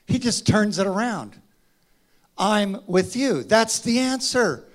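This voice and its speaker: A man preaching a sermon, acting out dialogue in a dramatic voice that drops to a hush and rises to a shout. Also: sits high, sing-song, slow pace. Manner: dramatic, acts out voices, swings from hushed to shouting. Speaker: pastor.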